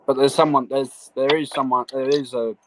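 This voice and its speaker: A man's voice: mid-range voice, little pitch movement, moderate pace, noisy background. A man speaking hesitantly in a casual chat, swearing and restarting sentences.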